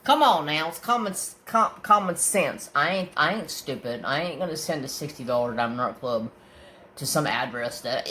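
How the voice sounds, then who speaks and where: A craft channel host chatting casually, telling a profane story and acting out everyone's lines. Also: male voice, on the high side, moderate pace. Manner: profane, animated storytelling that acts out voices. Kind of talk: casual chat.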